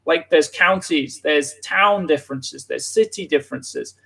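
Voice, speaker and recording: A man's voice: a little high, a little slow, vocal fry, bright, forceful tone, slightly rough. A man from England, chatting casually on a live lesson and filling his talk with "like". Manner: casual, lots of filler "like". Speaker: English teacher.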